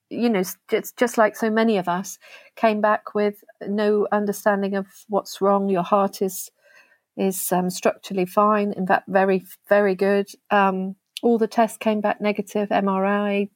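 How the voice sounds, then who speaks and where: Woman, interview guest, earnest, halting restarts, mid-pitched, dry recording. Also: level tone, no echo. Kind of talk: conversational interview.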